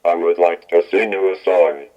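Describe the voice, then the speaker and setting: A menacing robot speaks with a very deep, flat synthetic male voice. A metallic flanger and reverb color every word, and the delivery stays mechanical and emotionless. It plays back muffled and lo-fi through a small speaker. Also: normal speed. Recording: dull lo-fi speaker playback.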